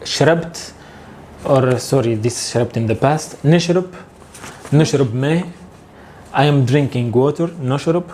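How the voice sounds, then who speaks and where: A man leads a casual language lesson in a warm, mellow voice. He talks in a relaxed, halting way, full of fillers and light chuckles. Faint noise sits under the recording. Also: mid-range voice. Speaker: Tunisian Arabic teacher.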